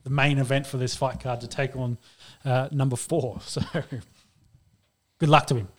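A man co-hosting a casual sports podcast, relaxed and hesitant, filling gaps with ums. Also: mid-range voice, moderate pace. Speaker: podcast co-host.

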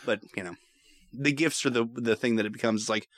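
A man in casual conversation, talking in an animated, emphatic way and laughing easily. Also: mid-range voice, brisk, no room sound, clean studio sound. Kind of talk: casual chat.

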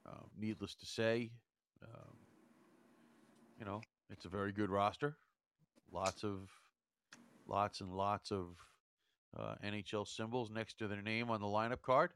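A man co-hosting a hockey talk show, measured and dry, counting points out carefully. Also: fairly low pitch, fairly even intonation, a bit bright. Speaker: hockey analyst, co-host. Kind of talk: casual hockey chat.

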